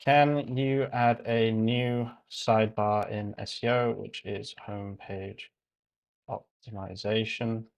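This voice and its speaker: A British man with a somewhat low voice talks casually on a livestream. He rambles and thinks aloud, often stopping to correct himself or trail off into mutters. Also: steady tone, slow pace, vocal fry. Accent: British English. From Britain.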